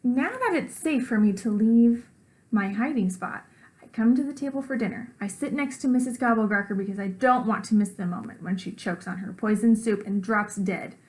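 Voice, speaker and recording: A woman teacher reading a children's book aloud in an expressive storytelling voice, asking her listeners questions along the way. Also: on the high side, moderate pace.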